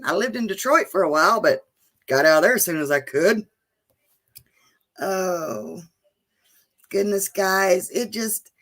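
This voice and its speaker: A woman's voice: medium pitch, creaky, a bit bright. A woman hosting a casual livestream, chatting to viewers, reading names from the chat and laughing often. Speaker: channel host reading live chat.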